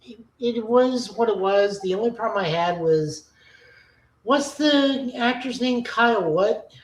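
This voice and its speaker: A woman's voice: fairly high pitch, expressive, measured pace. A woman co-hosting a casual podcast chat, giving an opinionated, nitpicky review. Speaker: podcast co-host. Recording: roomy echoing recording.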